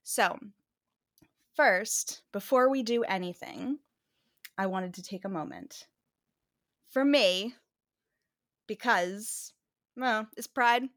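A woman's voice: mid-range voice, slow, long pauses, fairly bright tone, dry recording, studio quality. A woman in her thirties co-hosting a podcast, chatting casually and laughing as she thinks aloud. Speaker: podcast co-host. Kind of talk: casual chat.

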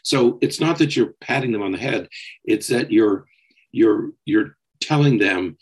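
Podcast co-host, male, low husky voice, steady explainer. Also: unhurried, poor audio. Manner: steady, explanatory, often checks with "okay?". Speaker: psychologist co-host. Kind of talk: casual podcast discussion.

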